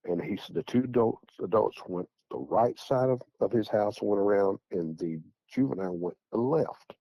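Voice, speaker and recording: Gravelly deep-voiced man. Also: expressive, moderate pace, no echo, dull audio. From Tennessee. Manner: rambling, repeats words, quotes others. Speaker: eyewitness guest. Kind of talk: casual spoken storytelling.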